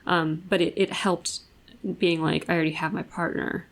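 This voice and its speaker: A young woman co-hosting a podcast talks frankly and bluntly about a personal experience, swearing freely. Her lowish, gravelly voice stays level at a normal speed, and the recording is rough.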